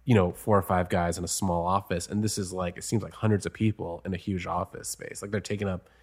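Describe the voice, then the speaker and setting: A man's voice: low voice, flat delivery, quick pace, husky. A man, a screenwriter, chatting casually as an interview guest and laughing often between stories.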